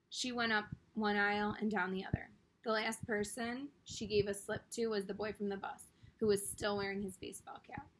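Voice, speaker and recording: A woman reading a children's book aloud in a steady storytelling manner. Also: medium pitch, gravelly, breathy edge. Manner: steady storytelling with brief character voices. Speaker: reader.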